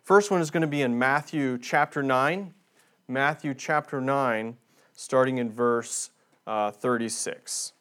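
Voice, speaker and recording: A man gives a missionary sermon to a church congregation. His pitch sits in an ordinary middle range. He preaches earnestly and presses harder on his key points as he builds them. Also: a little slow, fairly bright tone. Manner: earnest, emphatic preaching with rising stress. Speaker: missionary speaker.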